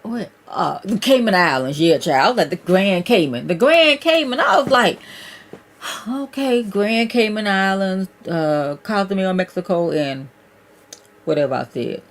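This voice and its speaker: A woman's voice: on the low side, lively intonation, normal speed. A woman hosting her own livestream, chatting casually with viewers and calling them "y'all" and "child". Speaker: livestream host.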